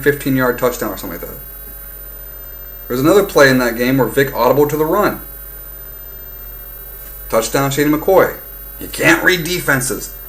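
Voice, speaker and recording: A young man ranting casually about football, heated and profane, swinging between loud outbursts and low muttering. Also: rough recording. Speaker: fan vlogger. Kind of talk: casual sports rant.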